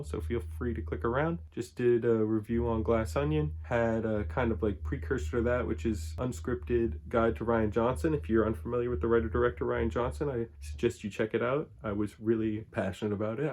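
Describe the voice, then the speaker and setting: A man's voice: mid-range voice, darkish tone. Laid-back rambling man reviewing a film. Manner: rambling, laid-back, heavy on "like" and "I don't know". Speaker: film reviewer and channel host. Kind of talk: casual unscripted vlog review.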